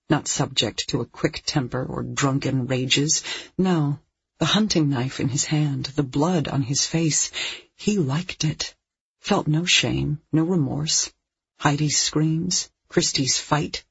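An audiobook narrator reading a dark thriller in a measured, tense way. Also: mid-range voice, vocal fry, husky, no echo. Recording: dull lo-fi recording.

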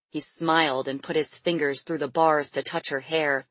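Low husky woman reading a story. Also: steady tone, normal speed, fairly bright tone, dry recording. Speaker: narrator. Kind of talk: audiobook narration.

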